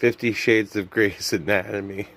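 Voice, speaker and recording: A man's voice: fairly low pitch, steady tone, moderate pace, a bit bright. A young man vlogging to camera in a rambling, self-mocking comedic monologue that often loses its thread.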